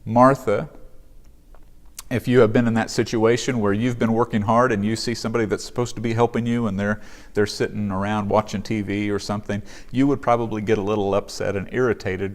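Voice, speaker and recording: A male pastor giving a sermon in an earnest, conversational way in a church sanctuary. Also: fairly low pitch.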